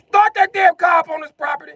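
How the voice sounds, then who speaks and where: A man putting on the voice of a fierce old grandmother who yells people off her property. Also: very high-pitched, no room sound, voice pushed up, heavily acted. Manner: shouting.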